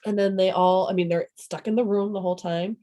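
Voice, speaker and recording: A woman's voice: mid-range voice, fairly even intonation, fairly quick, dark tone. A woman, a parent talking casually in an oral history interview, rambling and breaking off her sentences. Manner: rambling, self-interrupting, laughs often.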